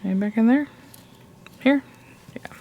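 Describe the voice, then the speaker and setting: A woman's voice: fairly high pitch, slow, phone-quality sound, a little hiss or hum. A woman hosting a casual crafting tutorial, chatting and thinking aloud as she works and gushing over cute details. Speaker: crafting channel host.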